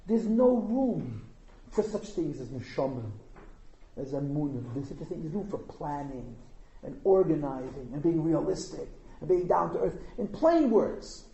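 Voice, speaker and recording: A man teaching at an informal Hasidic gathering, an animated storyteller who fires rhetorical questions and chuckles at his own asides. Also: on the high side, gravelly, a little hiss or hum. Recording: echoey room.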